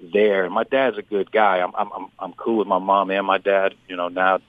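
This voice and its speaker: An earnest man speaks over a tinny phone line, his voice sitting low. He talks in a halting way, restarting his sentences often. The sound is dry and close. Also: flat delivery, dry recording. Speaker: radio guest, musician. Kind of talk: phone interview testimony.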